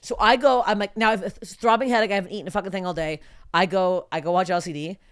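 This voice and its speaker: A woman in her thirties from Canada, telling a wild story on a podcast in an animated, profane way with many restarts. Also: medium pitch, racing, clean tone, no echo, clean studio sound. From Toronto, Canada. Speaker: podcast guest comedian. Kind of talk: casual storytelling.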